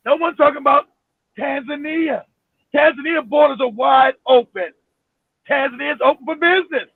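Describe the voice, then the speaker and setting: A man hosting a live stream, ranting with emphasis and profanity, often shouting and repeating himself. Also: very high voice, normal speed, no echo. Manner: repeats himself, many restarts. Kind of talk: heated live-stream rant. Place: home in Florida. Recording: phone-like, dry, narrow sound.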